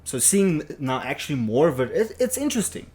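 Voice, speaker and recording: A man's voice: a little high, very animated, brisk, darkish tone. A young man from South Africa, co-hosting a casual chat show, giving firm opinions with many restarts and hesitations. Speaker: podcast co-host.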